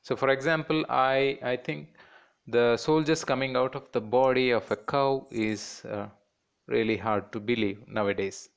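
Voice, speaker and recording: Slow, patient Indian English teacher, male. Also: medium pitch, fairly even intonation, creaky, clear, resonant tone. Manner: slow, patient, repeats words syllable by syllable. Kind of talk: classroom lesson for children.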